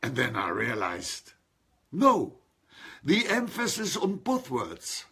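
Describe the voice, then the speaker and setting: A man's voice: medium pitch, huge pitch swings, takes it slowly, pushed and bright, slightly rough. A man preaching a sermon, stressing single words and calling on his listeners to respond. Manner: emphatic, calls on listeners to respond.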